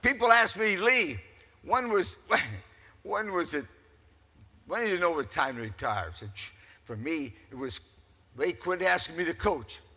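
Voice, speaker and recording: Lively older man telling stories in a hall. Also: high voice, unhurried. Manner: animated, folksy storyteller. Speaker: keynote speaker. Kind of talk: storytelling speech. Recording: echoey hall.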